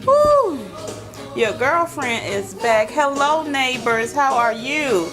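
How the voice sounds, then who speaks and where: A woman's voice: sits high, music in the background. A woman, hosting a casual, folksy chat to camera. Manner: chatty, folksy, drawn-out emphasis. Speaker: vlog host.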